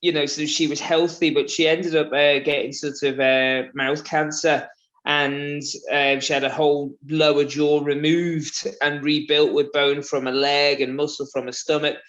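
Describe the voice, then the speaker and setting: Interviewed as a guest, this thirty-something runner from Liverpool talks in a rambling way, full of fillers and restarts, and laughs frequently. His Scouse accent is softened, mixed with southern English and Australian. His voice sits on the high side with a level tone and measured pace, and the audio sounds dull.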